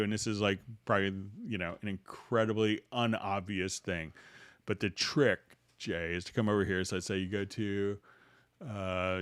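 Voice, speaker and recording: A man with a fairly low voice hosts a casual live tutorial and answers viewer questions on the fly. He talks in loose, halting phrases and restarts often. The sound is dry and close, with no room echo. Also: clear, resonant tone. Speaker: livestream host demonstrating music software.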